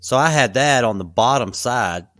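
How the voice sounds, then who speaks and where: A man's voice: mid-range voice, lively intonation, normal speed, a bit bright, dry recording, soft background music. A man talking casually as a podcast guest, rambling with lots of fillers. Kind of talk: casual conversation.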